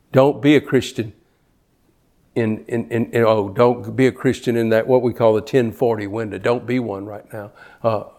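A man's voice: medium pitch, darkish tone. An older man preaching a sermon, fervent, often repeating words as he builds to a point. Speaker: pastor.

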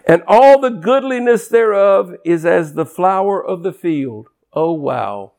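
A man in his sixties preaching a sermon with passion, dropping to hushed tones and rising to near-shouts. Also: sits high, lively intonation, a little slow, vocal fry. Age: 60s.

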